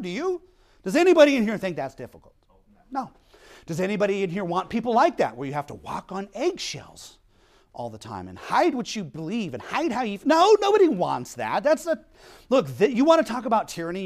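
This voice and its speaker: Blunt preacher guy, high voice, keeps saying okay, really punchy delivery. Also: huge pitch swings, brisk. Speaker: pastor. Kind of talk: sermon.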